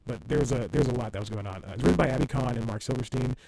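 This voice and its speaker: Rambling, laughing young man with gravelly voice. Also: mid-range voice, racing. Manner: rambling, self-mocking, laughs often mid-sentence. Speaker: podcast host. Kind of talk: casual solo podcast storytelling. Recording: distorted audio with faint background noise.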